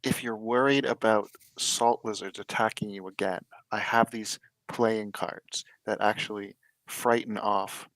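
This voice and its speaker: A man's voice: on the low side, steady tone, measured pace, fairly bright tone, dry recording. A man playing a tabletop game, questioning a character with hesitant fillers. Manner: hesitant, many "um"s. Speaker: player. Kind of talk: tabletop game role-play.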